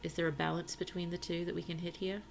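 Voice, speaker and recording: A woman streamer chatting casually through a cozy game, talking to her villagers and often dropping to soft whispers. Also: lowish voice, flat delivery, fast, gravelly, faint music behind. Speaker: VTuber streamer. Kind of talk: casual gameplay commentary.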